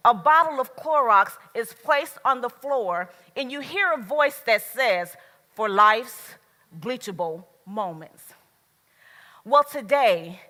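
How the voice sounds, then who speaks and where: A woman giving a motivational speech at a business event, slow and emphatic, with dramatic pauses. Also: fairly high pitch, pushed and bright. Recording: long reverb of a large hall.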